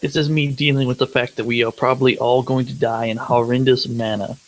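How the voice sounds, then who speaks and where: A man's voice: mid-range voice, little pitch movement, fairly quick, slight background noise, rough recording. A man playing a tabletop role-playing game, talking in character in a sardonic, teasing way. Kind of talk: in-character role-play chat.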